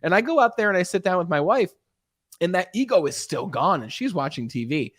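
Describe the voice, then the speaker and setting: A talkative podcast host telling a personal story, his voice sitting a little high. He speaks earnestly and often acts out the dialogue in his story. The recording is dry and close. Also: sing-song, a little fast, a bit bright, dry recording. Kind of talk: casual conversation, storytelling.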